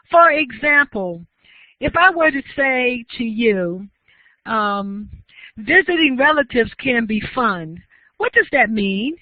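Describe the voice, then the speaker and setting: Woman, university lecturer, measured explanatory delivery, asks questions, narrow phone-like sound, dry. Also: high voice, dry recording. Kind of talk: online lecture to students.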